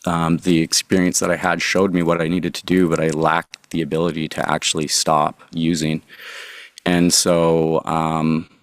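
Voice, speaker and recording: A man with a very low, level voice recounts his own story for an interview, earnest and halting, pausing to gather his words. The sound is dry and close, with no room around him. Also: completely flat delivery, no room sound. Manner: earnest, halting confessional telling. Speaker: guest, drug recovery consultant. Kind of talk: candid personal storytelling.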